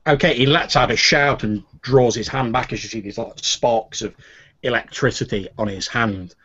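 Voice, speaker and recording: A man's voice: mid-range voice, moderate pace, pushed and bright, husky. A man narrating as game master in a casual way, full of fillers. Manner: casual, many fillers like "like" and "sort of". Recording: dull lo-fi recording.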